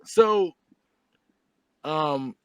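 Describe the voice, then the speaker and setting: A man's voice: on the high side, expressive, drawn-out words, clean tone, no echo. A man hosting a podcast, casually reviewing a movie and retelling scenes with plenty of laughs and slang. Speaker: podcast host.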